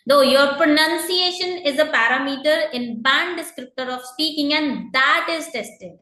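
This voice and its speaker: A woman's voice: high-pitched, a little slow, bright, forceful tone, roomy sound. A woman teaching an exam-prep lesson, explaining patiently to students with frequent fillers and repeated reminders. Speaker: IELTS teacher.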